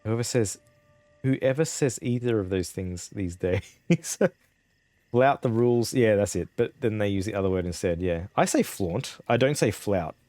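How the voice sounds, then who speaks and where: A man's voice: on the low side, normal speed, dark tone, no room sound. An Australian man chatting casually on a game stream, rambling, chuckling often and swearing offhandedly. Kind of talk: casual live-stream chat.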